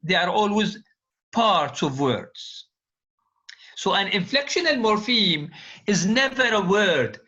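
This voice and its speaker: Male lecturer, slow and repetitive, drills students with questions, high voice. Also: expressive, pushed and bright. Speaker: university linguistics lecturer. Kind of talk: classroom lecture. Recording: dull lo-fi classroom recording.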